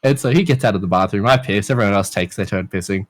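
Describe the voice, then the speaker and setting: A fast-talking Australian man in his twenties with a lowish voice swaps stories as a podcast guest in casual chat. He's animated, swears liberally and plays out the characters he mentions.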